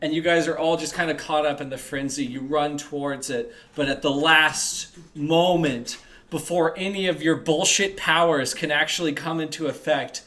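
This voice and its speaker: A man's voice: fairly high pitch, moderate pace, bright, forceful tone. A young man narrating a tabletop role-playing game as game master, with a joking, offhand manner. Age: young adult.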